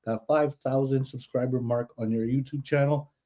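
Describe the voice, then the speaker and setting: A man hosting a podcast in an excitable, boastful way, swearing freely. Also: medium pitch, normal speed. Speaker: podcast host. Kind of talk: hyped casual chat.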